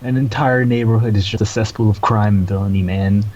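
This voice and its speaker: A man's voice: fairly low pitch, fairly even intonation, a little fast, darkish tone. A man co-hosting a casual podcast, laid-back and laughing along while he chats about a manga. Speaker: podcast co-host. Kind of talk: casual chat reviewing a manga. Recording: dull lo-fi audio.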